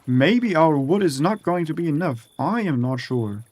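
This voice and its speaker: A man's voice: a little high, lively intonation, moderate pace, a little mellow, no room sound. A young man chatting casually and swearing often as he narrates building in a game and talks to himself. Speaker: gaming streamer. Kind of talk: casual gameplay commentary.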